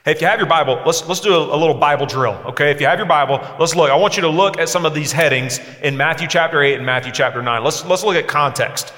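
A man in his forties preaching a sermon, impassioned, moving between hushed lines and emphatic ones. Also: a little high, fast, few pauses. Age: 40s. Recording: echoey hall sound.

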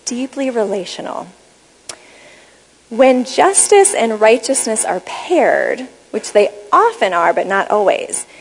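Woman teaching a bible lesson, calm explaining tone, slows down to read verses. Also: on the high side, in a large hall, rough recording. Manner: measured, explanatory, reads scripture aloud slowly. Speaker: speaker on Bible study. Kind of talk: teaching talk with scripture readings.

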